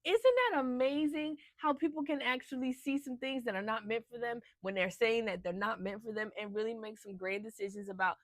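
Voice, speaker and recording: A woman's voice: fairly high pitch, fairly quick, few pauses, dry recording. A woman vlogger recapping a soap opera in casual chat, acting out each character's lines with slangy asides. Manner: lively storyteller, slips into character voices. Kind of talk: animated casual recap with acted-out dialogue.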